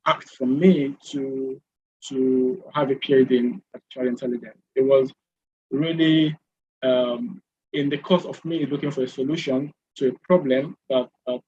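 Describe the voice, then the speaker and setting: A man answering a panel question on a video call, halting with many restarts and fillers. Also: mid-range voice, a little mellow, slight background noise. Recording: dull lo-fi video call audio.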